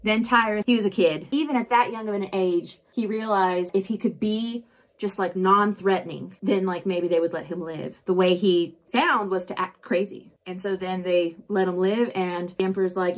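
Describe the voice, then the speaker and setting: A woman's voice: medium pitch, moderate pace. Chatty female vlogger, casual book recap while doing her makeup, lots of fillers. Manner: chatty, animated storytelling with many fillers.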